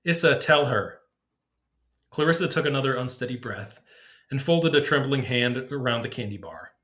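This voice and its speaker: A man hosting a podcast, reading his own story aloud in measured, descriptive narration. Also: medium pitch, a bit bright. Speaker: podcast host.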